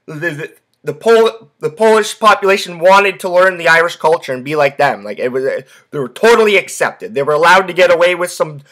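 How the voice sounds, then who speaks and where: A young man hosts a sports podcast in relaxed chat mode, telling a wandering story crammed with profanity and filler. His voice is slightly high and fairly bright.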